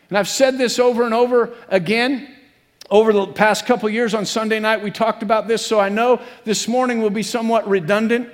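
A man preaching a sermon as pastor, earnest and repetitive, building to emphatic peaks. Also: extremely high pitch. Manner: earnest, repeats phrases, rises to emphatic peaks. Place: church sanctuary. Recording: long reverb of a church hall.

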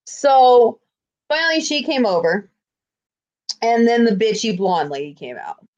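A woman with a high voice tells a story in a casual chat. She is blunt and swears freely, acting out what people said. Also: animated, unhurried, a little mellow, muffled recording.

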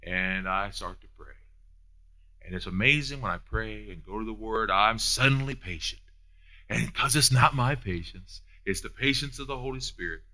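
A man preaching a sermon as pastor, with a folksy manner, swinging from loud high peaks down to soft hushed asides. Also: normal speed. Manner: folksy, uses down-home phrasing.

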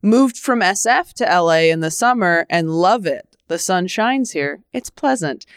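A woman's voice: lowish voice, unhurried, smooth, no echo. Sarcastic woman podcaster, dry close mic. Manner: sarcastic, animated storytelling. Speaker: podcast co-host. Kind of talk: casual chat. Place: living in New York.

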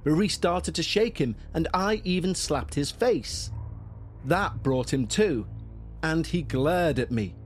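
A man narrating a listener's first-person horror story in a slow, measured storytelling manner. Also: on the high side, expressive, soft background music.

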